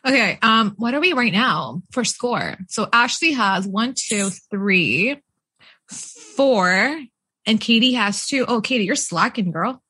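A woman's voice: a little high, lively intonation, takes it slowly, pushed and bright, slightly rough. A woman running a trivia quiz on a casual podcast, giggling and teasing the players.

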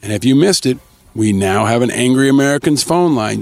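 Gravelly podcast host reading thanks. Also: male voice, mid-range voice, animated, brisk, soft background music. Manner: upbeat, reading shout-outs and thanks. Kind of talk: casual scripted podcast talk.

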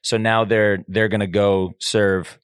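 Easygoing guy explaining stuff on a podcast, lowish voice, dry mic. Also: level tone, slow pace, clean tone, no room sound. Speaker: podcast co-host. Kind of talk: casual chat.

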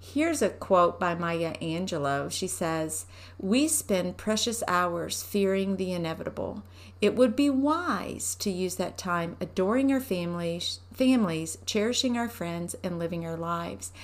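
A woman giving a conversational devotional talk from home, unhurried and asking her listeners rhetorical questions. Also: fairly low pitch, expressive. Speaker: devotional teacher.

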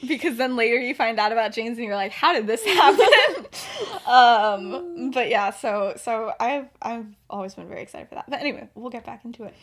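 A woman's voice: fairly high pitch, brisk, few pauses. A young woman hosting a podcast, retelling a story in a casual, giggly, rambling way with lots of fillers. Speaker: podcast host.

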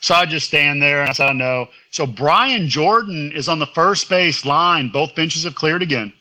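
Male interview guest, former pitcher, bright voice, lively storyteller. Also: moderate pace. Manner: chatty storytelling, acts out quotes.

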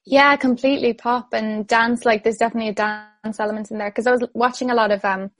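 A woman's voice: on the high side, steady tone, fast, no room sound. A woman with an Irish accent, a singer chatting enthusiastically in an interview, full of fillers. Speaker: singer guest. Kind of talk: casual interview chat.

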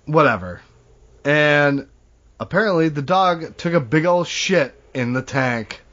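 A man's voice: fairly high pitch, lively intonation, measured pace, a bit bright. A man co-hosting a podcast, casually recapping a wrestling show with profane, laid-back remarks. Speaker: podcast co-host. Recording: dull lo-fi audio.

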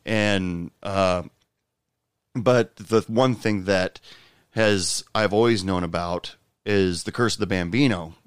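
A man's voice: low-pitched, slow pace, smooth, dry recording, clean studio sound. A man hosting a casual podcast chat, hesitant with lots of uhs and easy laughs. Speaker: podcast host.

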